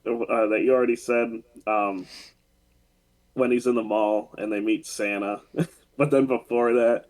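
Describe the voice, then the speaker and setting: A man's voice: medium pitch, fairly even intonation, unhurried, a little mellow, poor audio. A man co-hosting a casual podcast, retelling scenes with lots of fillers and restarts. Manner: rambling retelling with many fillers and laughs. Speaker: podcast co-host. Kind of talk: casual chat.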